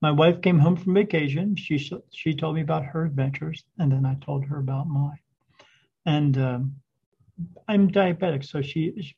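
A man with a somewhat high, gravelly voice tells his story casually, drifting and restarting as he goes. The tone is husky, and the recording sounds dull and lo-fi. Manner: rambling, halting retelling with restarts. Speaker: spirit medium, podcast guest.

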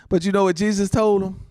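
A man preaching as a pastor, animated and laughing often, with frequent amens. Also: high voice. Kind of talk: sermon.

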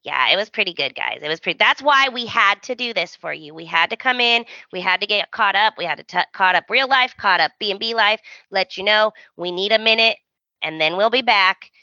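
Bright, animated woman recapping with flair. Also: mid-range voice, brisk, dry recording, lo-fi sound. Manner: animated storytelling, acting out characters' lines. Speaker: podcast co-host. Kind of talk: casual recap chat.

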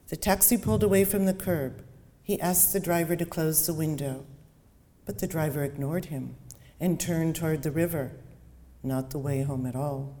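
Low, mellow-voiced woman author in a hall. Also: moderate pace. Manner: chatty, with fillers and restarts when talking. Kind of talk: reading aloud then talking about her book. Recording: long hall reverb.

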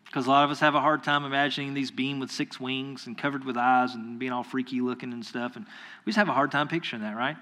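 A man's voice: a little high, pushed and bright. A man preaching a sermon in a casual, conversational way, acting out quoted voices and tossing asides to the audience. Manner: acts out quoted voices in retellings.

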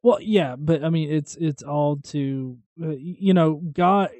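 Male podcast co-host, irreverent and questioning, warm-toned and a bit high, recorded dry. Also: unhurried, no room sound. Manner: jokey, crude, questioning, gets loud and animated. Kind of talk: casual irreverent chat.

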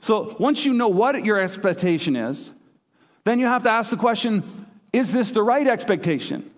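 A man, a pastor from Canada, preaches a sermon with animated storytelling, slipping into quoted voices as he goes. His voice sits slightly high for a man. The sound is a bit muffled and lo-fi, carried by the long reverb of a large hall. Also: moderate pace.

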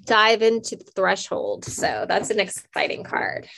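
A woman with a gravelly, creaky edge to her voice, co-hosting a spiritual podcast. She chats casually and leads a slow, gentle guided meditation. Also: medium pitch, sing-song. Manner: soft, slow guiding voice in meditation. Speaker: co-host.

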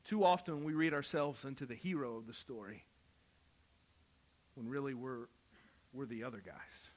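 A man preaching a sermon, moving from quiet Bible reading to loud, impassioned calls. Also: medium pitch, moderate pace. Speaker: pastor.

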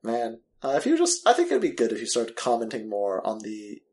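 A man chatting casually as a podcast co-host. He teases his partner in a playful way, and his pitch is lively and varied. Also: brisk, slight background noise. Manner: teasing, playful. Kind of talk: casual chat.

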